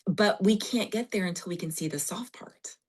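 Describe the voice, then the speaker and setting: A woman therapist speaking from her office on a podcast, explaining earnestly with animated emphasis. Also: mid-range voice, moderate pace, husky. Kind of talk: podcast conversation.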